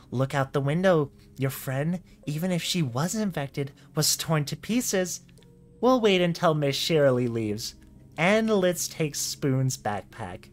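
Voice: mid-range voice, pitched above the performer's own voice, lightly acted. A reader voicing a cruel young filly pony, talking close to their own voice with no accent put on, in a dramatic comic reading. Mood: contemptuous.

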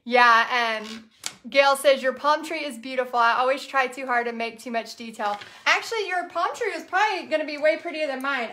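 A woman's voice: sits high, a bit bright, roomy sound. A woman with a Texas accent chatting casually to livestream viewers while she paints, rambling and talking straight to them. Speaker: craft business teacher and livestream host.

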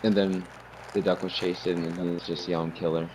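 A man chatting tersely and calmly with friends on voice chat during an online game. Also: low-pitched, fairly quick, crowd noise, rough recording. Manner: laid-back and terse. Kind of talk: casual gaming chat with friends.

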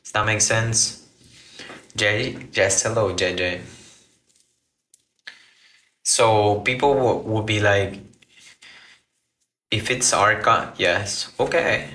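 A man's voice: fairly low pitch, slow pace, long pauses, bright, forceful tone, roomy sound. A man chatting casually with viewers on a livestream, rambling and restarting his phrases as he reacts to comments. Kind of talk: casual live chat with viewers.

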